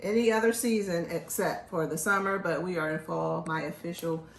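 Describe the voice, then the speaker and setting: A woman from Philadelphia hosting a casual show, talking in an animated, joking, chatty way. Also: on the low side, normal speed, vocal fry, roomy sound. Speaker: host. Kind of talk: casual chat.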